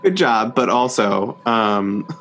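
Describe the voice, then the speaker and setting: A young man co-hosting a casual book podcast, relaxed and chatty with plenty of fillers. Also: fairly low pitch, slow pace. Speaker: podcast co-host.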